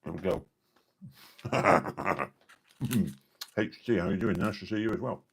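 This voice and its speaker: A man's voice: sits low, measured pace, creaky, a bit bright, husky. A man from Lincolnshire, chatting casually and jokily on a late-night live stream, rambling between viewers' comments. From Lincolnshire, England. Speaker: live streamer reading chat.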